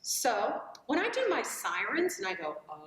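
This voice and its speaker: A woman voice teacher explains vocal registers slowly, singing short vowels to show each register. Her speaking voice sits fairly high and swoops widely in pitch. She sounds set back from the mic in an echoey room with a long reverb tail. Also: wildly swooping pitch, heavy background noise. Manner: demonstrates sung vowels across registers. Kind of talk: vocal lesson. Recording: roomy echo, voice from far off.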